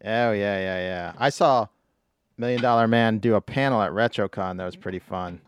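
A man's voice: lowish voice, moderate pace, a little hiss or hum. A man co-hosting a podcast, chatting in an upbeat way, joking and swearing casually. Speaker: podcast co-host. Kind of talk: casual chat.

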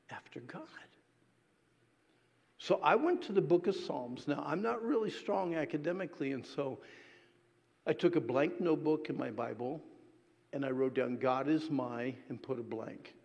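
A man preaching a sermon to a congregation, swinging between loud exhortation and hushed, intimate asides. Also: a little high, gravelly, in a large hall.

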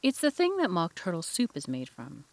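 Lady doing a bossy yelling queen, lively pitch, dry recording. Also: normal speed, vocal fry, no room sound, full character voice. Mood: commanding. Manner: imperious, barking orders. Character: furious shouting tyrannical queen.

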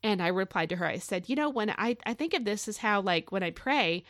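A middle-aged woman hosting a devotional podcast, chatting casually and telling a story in an animated way with many fillers. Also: medium pitch, fairly quick, dry recording, studio quality. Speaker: podcast host.

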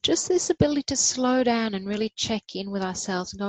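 A woman guest in a casual interview, talking in an encouraging way and growing bright and lively when she acts out kind self-talk. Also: fairly high pitch, fairly quick, poor audio. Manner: warm, encouraging, animated when voicing positive self-talk. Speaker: podcast guest.

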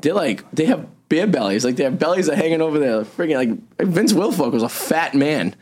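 A man's voice: fairly high pitch, expressive, fairly quick, darkish tone. A man with a Boston accent hosting a radio show, rambling through crude, joking banter with a guest.

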